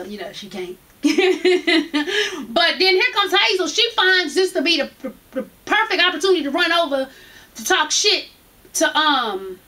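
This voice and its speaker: A woman's voice: extremely high pitch, pushed and bright. A young woman recapping reality TV in a brash, profane, gossipy way, laughing often. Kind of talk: casual gossip review.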